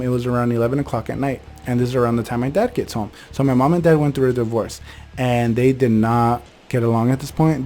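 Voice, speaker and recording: A young man hosting a channel, casually telling ghost stories about his childhood home in a quick, rambling way full of fillers and self-corrections. He records in a bedroom at home. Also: mid-range voice, darkish tone, slight background noise. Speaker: host, storyteller.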